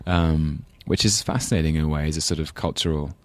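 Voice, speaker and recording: A man's voice: very deep voice, fairly even intonation, fairly quick, a little mellow, a little hiss or hum. A man with a London English accent, a podcast guest talking casually, thoughtful and hesitant with frequent ums and restarts. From England. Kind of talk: casual interview chat.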